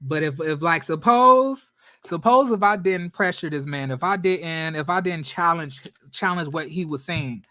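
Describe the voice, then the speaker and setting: A man vlogging reaction commentary in a sassy, slangy way, swinging between loud outbursts and muttered asides. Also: fairly high pitch, measured pace, no room sound, clean studio sound.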